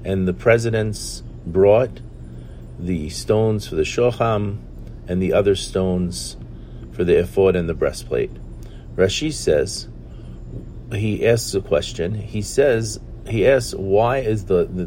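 A man's voice: low voice, slow, a little mellow, a little hiss or hum. A man giving an earnest Torah teaching, asking questions and telling a story with hesitant fillers. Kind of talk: sermon with storytelling.

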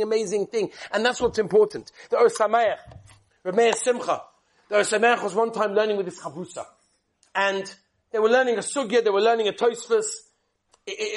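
A man giving a storytelling talk to yeshiva students, acting out each character with lively shifts. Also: sits high. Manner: animated storyteller who acts out each character.

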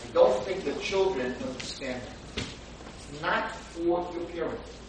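A man teaching a Torah class as a rabbi, animated and swinging between quiet talk and loud bursts as he acts out dialogue. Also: fairly high pitch, measured pace. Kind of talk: Torah lecture with told stories. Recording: echoey room from a distant mic, faint background hum.

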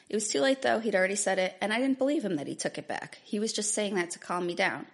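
This author, a woman in her thirties with a mid-range voice, speaks at a quick pace with few pauses. She tells her own story earnestly and reads passages from a book she wrote, as a personal testimony with a book reading.

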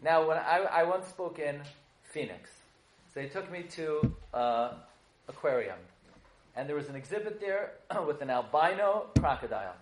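A rabbi with a high voice tells a lively Torah lesson, mixing jokes and stories and firing questions at his class. He sounds like he is in a roomy, echoing space. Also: normal speed, slight background noise. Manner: joking, storytelling, quizzes the audience. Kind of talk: humorous Torah lecture. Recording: echoey room.

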